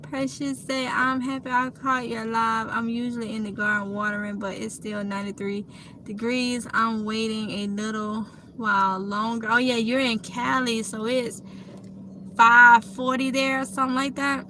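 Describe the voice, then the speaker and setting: A woman's voice: fairly high pitch, flat delivery, moderate pace, pushed and bright, slight background noise. A woman with a Mississippi Southern accent hosting a casual live Q&A, chatty and affectionate, calling her viewers honey. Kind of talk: casual live-stream chat reading comments.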